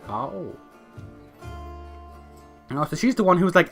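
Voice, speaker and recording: A man's voice: on the high side, big pitch swings, measured pace, pauses often, fairly bright tone, soft background music. A man streaming a role-playing game, chatting casually with profane, joking asides to himself. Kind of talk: casual gameplay commentary.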